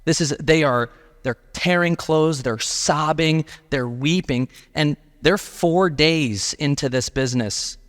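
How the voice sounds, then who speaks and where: A man's voice: fairly high pitch, takes it slowly, fairly bright tone, long reverb tail. A male pastor preaching a sermon in a casual, emphatic way, often saying "like". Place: church sanctuary.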